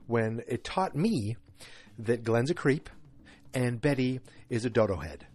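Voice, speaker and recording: A man's voice: on the low side, darkish tone. Chatty man recapping a TV episode. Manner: chatty, rambling, many fillers and restarts. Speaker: podcast host.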